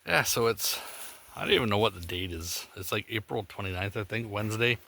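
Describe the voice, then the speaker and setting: Man, outdoor vlog, bright tone, faint background noise, easygoing rambling. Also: lowish voice, fairly quick. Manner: relaxed rambling with fillers. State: out of breath in deep snow. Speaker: vlogger. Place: outdoors in snowy bush.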